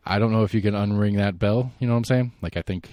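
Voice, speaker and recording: Man, low voice, rambling opinionated podcast host, dry close sound. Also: quick pace, dry recording. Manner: rambling, opinionated, thinks out loud. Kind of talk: solo political commentary.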